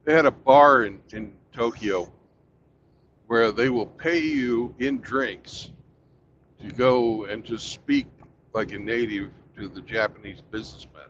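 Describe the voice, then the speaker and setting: A man co-hosting a casual chat, telling stories in a lively way and swearing freely. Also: medium pitch, unhurried. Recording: muffled lo-fi with faint background noise.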